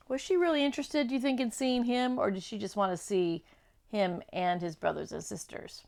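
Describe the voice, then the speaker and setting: A woman from a church children's ministry reading a chapter book aloud to children, pausing for chatty questions and asides. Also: mid-range voice, creaky, darkish tone.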